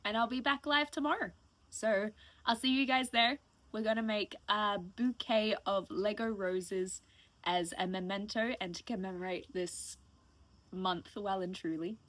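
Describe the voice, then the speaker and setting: A woman's voice: mid-range voice, fairly even intonation, unhurried, a bit bright, dry recording. A woman in her late twenties talking casually and emotionally to her stream viewers, rambling and thankful. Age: late 20s. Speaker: live streamer. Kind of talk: casual heartfelt stream chat.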